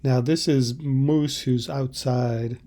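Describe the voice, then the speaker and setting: A man teaching Italian, explaining subtitle translations in a halting, thoughtful way. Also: medium pitch, fairly even intonation, warm tone.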